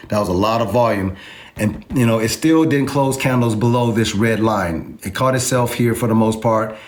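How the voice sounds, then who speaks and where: Man, casual trading lesson, emphatic, repeats key numbers, average pitch. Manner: emphatic, repeats numbers, asks the audience to agree. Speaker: crypto trading instructor. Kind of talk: informal chart walkthrough lesson.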